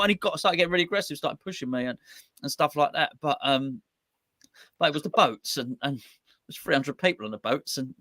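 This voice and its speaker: A bright, quick-talking man tells stories in a casual chat, acting out what other people said. His voice sits a little high and sounds close and dry. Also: dry recording. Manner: animated storytelling, quotes others. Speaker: fan channel host.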